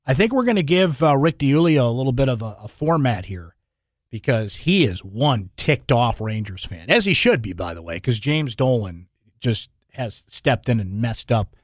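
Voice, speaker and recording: A man hosting a sports talk radio show in a studio, chatty and energetic, laughing often. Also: mid-range voice, moderate pace, no echo.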